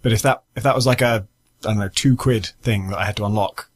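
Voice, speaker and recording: A man co-hosting a podcast, explaining things in a relaxed way with some fillers. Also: fairly low pitch, quick pace. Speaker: podcast co-host. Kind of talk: casual chat.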